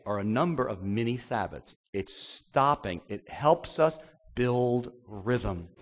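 A male pastor preaching an animated sermon and acting out the voices in the stories he tells. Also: medium pitch, long reverb tail.

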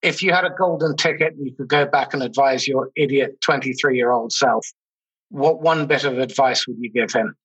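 A man's voice: medium pitch, normal speed, a bit bright, breathy edge, dull audio. A man interviewing a guest on a video call, with brief encouraging replies. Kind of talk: casual interview talk.

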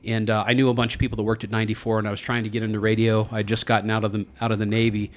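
A man on a radio show, telling long stories in a relaxed, rambling way and laughing often. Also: fairly low pitch, rapid-fire. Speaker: radio host. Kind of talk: casual chat.

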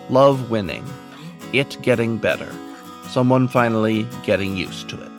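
A man hosting a story podcast, giving an earnest, solemn scripted introduction. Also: mid-range voice. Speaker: podcast host.

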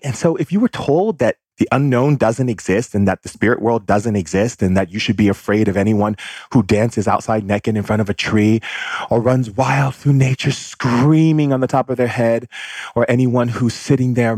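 A man speaks in a low voice, preaching about love in a loose spiritual monologue. He gets emphatic and circles back to the same phrases again and again. The sound is dry and close, with no room around it. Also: darkish tone, slightly rough, no room sound. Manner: emphatic, repetitive chanting of phrases.

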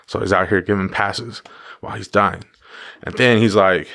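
A man with a lowish voice talks straight to his viewers in a loose, casual pep talk. He hammers his points home by repeating phrases, and he drops a swear word here and there. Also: fairly even intonation, moderate pace, creaky, fairly bright tone. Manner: emphatic repetition, casual profanity. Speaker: motivational vlogger.

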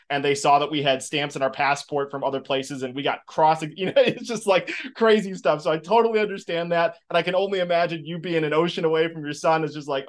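This is a man hosting an interview, warmly enthusiastic and a bit rambling as he builds up to his questions. His voice sits somewhat high for a man. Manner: enthusiastic, rambling with fillers and restarts. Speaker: podcast host. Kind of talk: casual interview chat.

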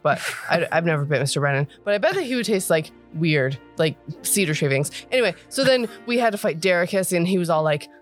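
A woman voicing an excitable, simple young male creature in a tabletop game, rambling breathlessly. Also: fairly low pitch, close to an everyday voice. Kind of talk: tabletop role-play in character.

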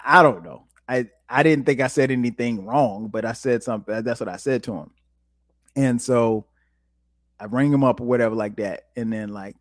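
A man from South Carolina hosting a podcast, telling stories in a relaxed, casual way and jumping up in pitch when he quotes himself. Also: dry recording, studio quality. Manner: animated, jumps high when quoting himself. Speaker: podcast host. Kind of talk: casual storytelling.

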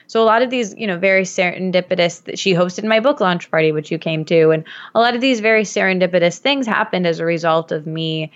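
A woman's voice: fairly low pitch, fast, few pauses, muffled recording. A woman in her thirties from Michigan, telling a story as a guest in a casual podcast conversation, chatty and full of fillers. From Michigan, USA.

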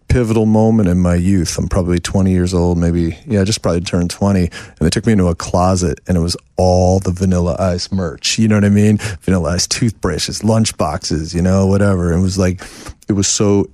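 A man's voice: sits low, mellow, no echo, clean studio sound. A middle-aged man, a songwriter and producer, telling rambling, self-deprecating stories as a guest in a casual interview.

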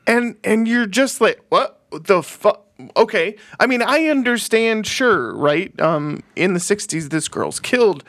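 Animated high-voiced man, profane movie chat. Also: unhurried, few pauses, no echo, clean studio sound. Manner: animated, profane, acts out scenes. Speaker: podcast co-host.

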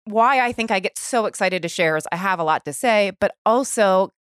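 A woman's voice: mid-range voice, a little fast, no echo, studio quality. A woman in her thirties hosting a podcast, talking animatedly and openly, with swearing and laughter. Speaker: podcast host. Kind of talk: casual chat.

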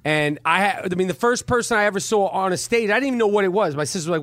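A man in his forties telling stories on a live podcast, profane and excitable, tripping over his words with constant restarts. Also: sits high, very fast, dry recording. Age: 40s. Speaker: guest storyteller at a comedy club podcast.

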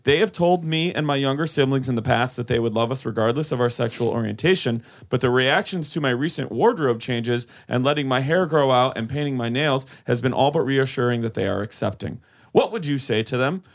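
A man's voice: mid-range voice, a little fast. A man co-hosting a comedy podcast, reading out a listener's letter and stopping to add asides. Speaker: podcast co-host.

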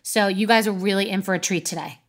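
A woman's voice: medium pitch, fast talker. A woman hosting a podcast, telling a brash, profane story before she interviews a guest. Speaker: podcast host.

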